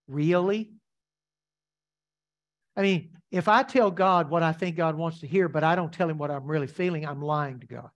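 A man's voice: on the high side, highs cut off. A man preaching a sermon as pastor, emphatic and repetitive, asking the congregation rhetorical questions.

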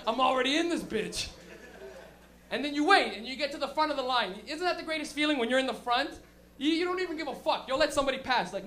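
A young man doing a loose, crude stand-up set on a comedy club stage with an animated storytelling manner. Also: very high-pitched, fast talker.

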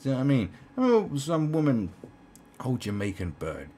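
A man's voice: mid-range voice, wildly swooping pitch, fairly quick, warm tone, husky. A man giving crude, profane, rambling commentary in a ranting style. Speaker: online commentator.

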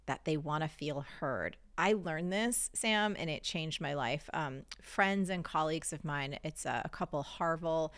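Woman host, low voice, enthusiastic interviewer. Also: moderate pace, hardly any pauses. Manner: warm, enthusiastic praise. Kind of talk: interview questions.

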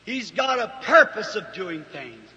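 High, tense-voiced revival preacher. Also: male voice, sing-song, unhurried. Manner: fervent, rising to shouts. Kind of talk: revival sermon. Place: large hall with a congregation. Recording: reverberant old hall recording.

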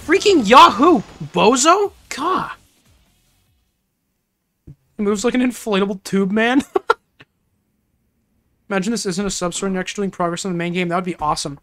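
Young adult streamer, casual excitable game commentary, bright forceful tone. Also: medium pitch, moderate pace, long pauses. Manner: excitable, exclamatory reactions.

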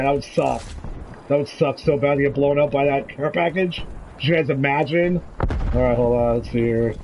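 A man giving live commentary on his own shooter game, excitable, swinging between quiet muttering and high yelps and pleading. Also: background noise. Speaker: gaming streamer. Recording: gunfire and game sounds behind the voice.

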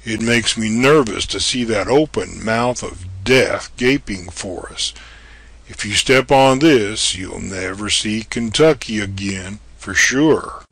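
An actor playing a bold, level-headed man exploring an old castle, giving brisk commands. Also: on the low side, vocal fry, fairly bright tone, breathy edge, full character voice. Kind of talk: audio drama acting.

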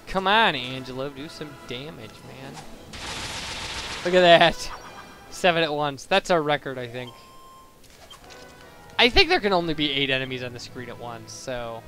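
A man's voice: mid-range voice, expressive, moderate pace, pushed and bright. A young man giving casual, rambling commentary over his gameplay, wandering into side tangents and correcting himself mid-sentence. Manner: rambling, digressive, self-correcting. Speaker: let's play commentator. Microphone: boosted home microphone. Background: faint game music.

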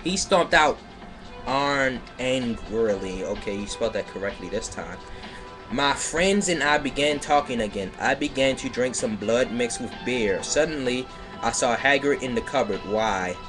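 A man giving a comedic dramatic reading of bad fan fiction in a deadpan way, breaking character to mock the text. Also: mid-range voice, moderate pace, music in the background. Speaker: comedic reader. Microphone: home microphone on a livestream.

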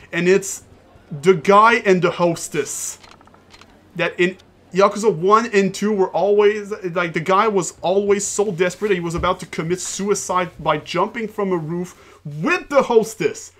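High-voiced swearing gamer man. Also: fairly bright tone. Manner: rambling, swears a lot, laughs often. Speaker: let's play host. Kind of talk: casual gameplay commentary.

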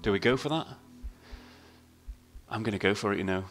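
Male slots host, bright edgy voice, rambling excitable commentary full of swearing, some game music underneath. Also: on the low side, brisk. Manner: excitable, swears a lot, talks to himself and shouts at the game. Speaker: slot video host. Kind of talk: casual commentary while playing slots.

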